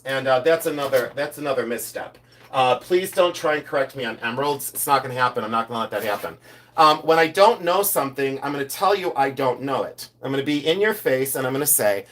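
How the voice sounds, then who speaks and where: A man's voice: mid-range voice, fairly bright tone. A man hosting a live stream, talking in a chatty, sassy way and putting rhetorical questions straight to his viewers. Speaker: livestream host sorting gemstones. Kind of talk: casual live-stream chat. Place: home room, on camera with a livestream.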